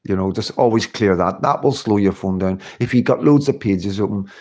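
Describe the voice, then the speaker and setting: A man's voice: lowish voice, a little fast, darkish tone. A middle-aged man with a Scottish accent hosting his own livestream, chatting casually and reading out viewer comments, with lots of fillers and rambling asides. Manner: rambling, chatty, laughs often, many fillers. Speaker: livestream host.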